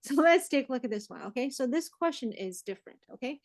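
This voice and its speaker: Brief: woman teacher with a high voice, dry close sound, upbeat and quizzing her class. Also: quick pace, dry recording. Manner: lively, mixes English and Chinese, asks the class questions. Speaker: math teacher. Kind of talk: online math lesson.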